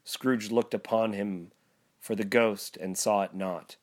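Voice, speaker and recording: A man's voice: on the low side, slow pace. A man hosting a talk show who reads a classic story aloud, then discusses it with enthusiasm. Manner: enthusiastic, animated when discussing. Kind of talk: reading aloud and casual discussion.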